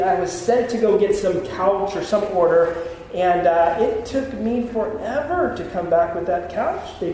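High-voiced pastor in an echoey hall. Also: male voice, dark tone, a little hiss or hum. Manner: storytelling, self-deprecating jokes. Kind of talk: sermon with personal stories. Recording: echoey hall, mic at a distance.

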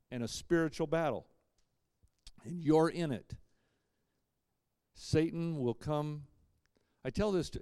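Preaching in a mid-range voice, this pastor moves between forceful, loud emphasis and hushed asides, dropping in wry humour along the way. The recording is dry.

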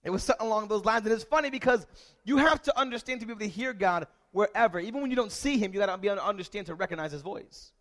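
A male pastor delivering a sermon in a notably high, bright voice. He tells a relaxed story at first, then builds to loud, repeated calls to the congregation. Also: very fast.

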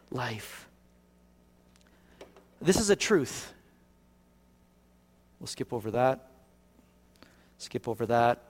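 A man preaching a sermon as pastor, shifting from hushed passages to raised, emphatic ones. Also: sits high. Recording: long reverb of a hall.

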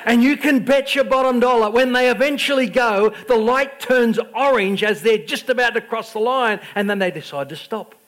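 A middle-aged man preaching a sermon, telling self-deprecating stories with stammered restarts and swinging between loud outbursts and quiet asides. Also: very high voice, moderate pace, few pauses. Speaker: pastor.

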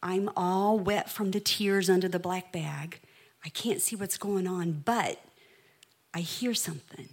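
A middle-aged woman preaching a sermon, telling a story in a hushed voice that builds to impassioned delivery. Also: lowish voice, unhurried, slightly rough.

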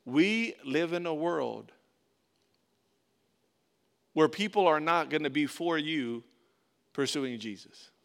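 A male pastor, preaching a conversational sermon that swells into emphatic bursts and drops to soft asides. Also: on the high side, animated, slow, vocal fry, pauses often.

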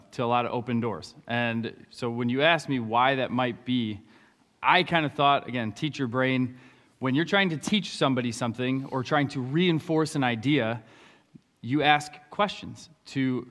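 A man's voice: medium pitch, fairly bright tone. A man on stage in a church, talking in a casual, hesitant way with repeated words and jokes. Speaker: church co-leader, former teacher. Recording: long reverb of a church hall.

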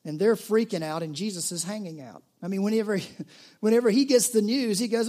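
Man, pastor, sermon, high voice, chatty storytelling, restarts. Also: a little fast, darkish tone. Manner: conversational storytelling with restarts and asides.

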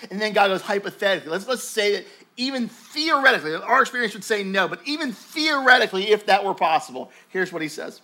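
A male pastor with a bright, forward voice pitched a little above the usual for men. He preaches conversationally and animatedly, stumbling over restarts, and at times drops into a hushed, slower register. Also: lively intonation. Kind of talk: sermon.

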